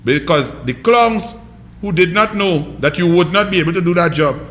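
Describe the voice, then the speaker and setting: A Trinidadian man rants through political commentary, his voice very high and bright with a sharp edge. He scolds and mocks in a combative way, and the sound carries a roomy echo. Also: lively intonation, moderate pace.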